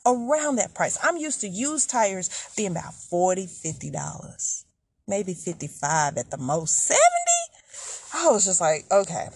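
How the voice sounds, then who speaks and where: A woman's voice: fairly low pitch, measured pace, slightly rough, no echo. A middle-aged woman hosting a podcast, chatty and exasperated as she tells a story straight to her listeners. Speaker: podcast host. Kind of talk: casual storytelling monologue.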